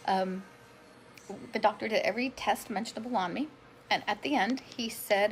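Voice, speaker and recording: A woman's voice: medium pitch, normal speed, slight background noise, low-quality recording. A woman in her forties telling her personal story on a live stream, chatty and emotional, greeting viewers by name as she goes. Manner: emotional, self-described drama queen. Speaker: vlogger sharing her health story.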